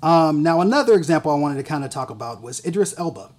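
A podcast co-host in casual chat talks in a lively, animated way, full of hedges and fillers. The pitch rises and falls freely. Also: fast talker. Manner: chatty, hedging, many fillers.

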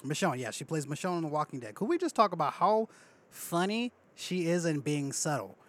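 An animated man hosts a casual podcast chat. His voice sits a little high and swings all over. He acts out movie quotes as he goes. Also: fairly quick. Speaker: podcast co-host.

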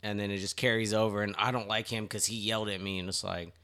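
A man's voice: on the low side, fast, clean tone. A man co-hosting a casual podcast, explaining his point at length and acting out what other people say. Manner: animated storytelling with acted-out quotes. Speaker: podcast co-host. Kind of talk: casual group chat.

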